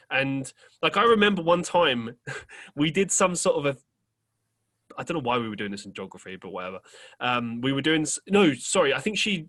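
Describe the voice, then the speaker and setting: A man's voice: medium pitch, bright, forceful tone. A young man hosting a podcast, telling a rambling story in casual chat, full of fillers and casual swearing. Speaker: podcast host.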